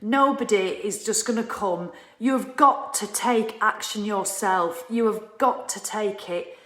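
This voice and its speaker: A woman giving a casual, animated motivational talk, ranting and swearing freely and laughing at herself. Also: medium pitch, a little slow, reverberant. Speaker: motivational vlogger.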